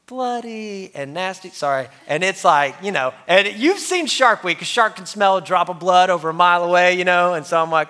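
A pastor, a man, telling a lively personal story in his sermon and laughing at himself, before reading scripture. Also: a little high. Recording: long hall reverb.

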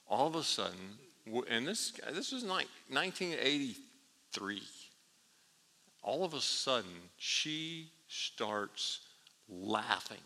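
Male pastor, bright tense tone, animated storyteller, long hall reverb. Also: medium pitch. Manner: animated storyteller, laughs at his own story. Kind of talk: sermon with storytelling.

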